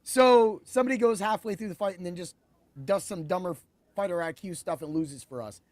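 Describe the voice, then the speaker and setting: A man hosting a podcast, talking excitably about fights in a rambling way that keeps correcting itself. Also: high voice, brisk, dry recording. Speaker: podcast host. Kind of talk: animated sports betting chat.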